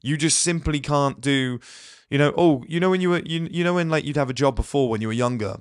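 This man's voice is a little high and smooth, recorded in studio quality with no echo. He hosts a motivational monologue, says he is ill, and speaks bluntly to viewers, with rapid asides and quotes he acts out.

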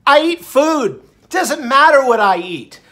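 Speaking at a measured pace, this middle-aged man has an extremely high, sharp-toned voice that swings widely in pitch. He's a vlogger talking casually and cheerfully to camera, wandering from topic to topic and occasionally bursting into song.

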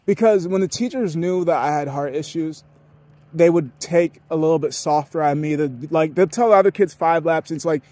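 A man's voice: on the high side, normal speed, a little mellow, no room sound. A young man rambling through a casual podcast monologue, profane and often laughing. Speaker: podcast host.

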